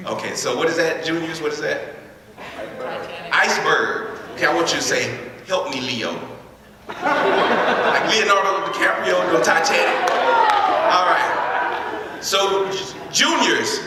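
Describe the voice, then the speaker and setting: A man leading a lively interactive talk with students in a school hall, often repeating his words as he starts sentences. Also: fairly high pitch, measured pace, long pauses. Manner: repeats words, energetic crowd prompts. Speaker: speaker leading a school workshop. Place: large echoey school hall. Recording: echoey hall recorded from far off.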